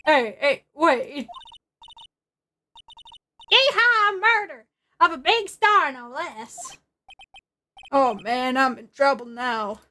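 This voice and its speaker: A woman voicing a pushy female journalist with a put-on Southern US accent and a high-pitched voice. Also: expressive, takes it slowly, long pauses, pushed and bright, soft background music, exaggerated voice. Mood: brash. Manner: brash, pushy.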